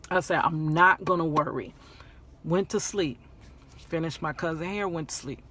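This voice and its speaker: A woman vlogger telling a personal story in a casual storytime way, animated, laughing often and repeating phrases for emphasis. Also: sits low, moderate pace, a little hiss or hum.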